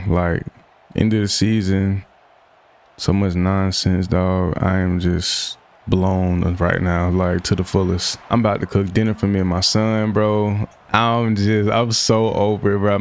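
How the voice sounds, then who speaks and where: A man's voice: deep voice, a little mellow. A young man giving casual, slangy gameplay commentary, often frustrated as he plays. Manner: frustrated, slangy, self-talk while playing. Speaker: gaming YouTuber.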